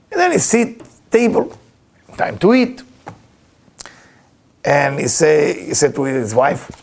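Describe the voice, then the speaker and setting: Gravelly, husky male teacher, lively swooping delivery, chuckling storyteller. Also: mid-range voice. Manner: animated, chuckling storyteller with broken English. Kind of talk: storytelling spiritual lesson.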